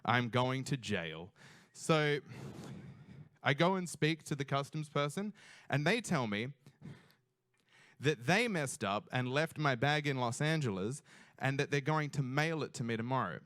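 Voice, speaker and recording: A young Australian man telling a funny personal story on stage, animated and self-mocking, swearing freely. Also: a little high, measured pace, pauses often, dry recording, studio quality. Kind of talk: live storytelling.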